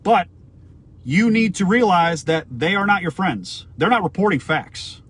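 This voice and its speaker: A man's voice: high-pitched, animated, a little slow, fairly bright tone, breathy edge. A man from the United States giving an emphatic opinion rant to camera, firing off rhetorical questions and swearing now and then. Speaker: vlogger.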